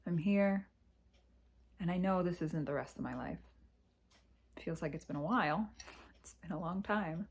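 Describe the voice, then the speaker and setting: A woman speaking in a candid confessional vlog from her parents' house, reflective and halting, with sighs and pauses, close to tears. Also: lowish voice, slightly rough. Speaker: vlogger.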